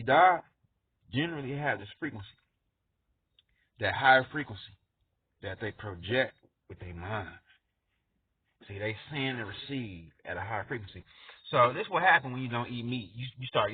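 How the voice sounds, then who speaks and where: A man rambling through an animated monologue, laughing often and jumping into squeaky voices for characters. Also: breathy edge, dry recording. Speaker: music artist talking to viewers. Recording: dry, tinny phone-like sound.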